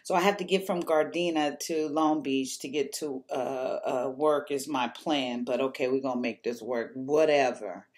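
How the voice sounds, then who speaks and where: Animated, cussing woman telling a story. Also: very deep voice, normal speed, few pauses. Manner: animated, swears freely, rambling with fillers and restarts. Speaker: vlogger telling a personal story. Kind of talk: casual storytelling to camera.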